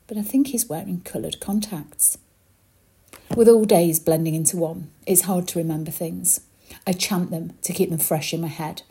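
Husky, dark-voiced woman from England. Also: fairly low pitch. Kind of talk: reading a short story aloud.

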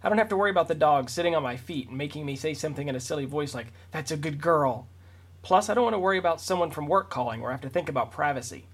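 A man reading his own first-person story in a quick, dry manner. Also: fairly high pitch, expressive, breathy edge. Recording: voice distant from the mic.

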